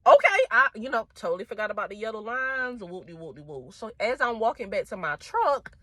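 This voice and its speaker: A woman's voice: a little high, expressive, a little fast, bright, forceful tone, dry recording. A young woman truck driver, telling a story casually and animatedly, often laughing and quoting others.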